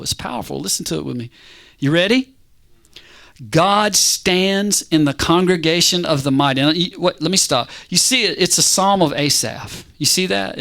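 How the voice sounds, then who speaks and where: A man preaching a casual, conversational sermon, animated and constantly checking in with his listeners. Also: a little high, creaky. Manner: animated, conversational, keeps asking "right?".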